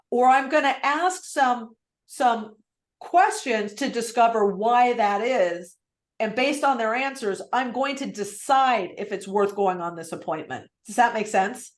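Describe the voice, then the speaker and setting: A woman sales coach teaching on a live video call, lively and acting out phone script lines. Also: fairly high pitch, reverberant. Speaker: real estate sales coach.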